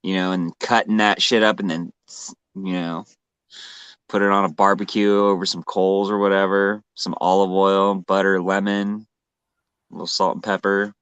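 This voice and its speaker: A man's voice: deep voice, flat delivery, normal speed, fairly bright tone, clear, resonant tone, dry recording. A man in casual conversation, talking in a rambling, laid-back way, full of fillers and restarts. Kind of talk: casual chat.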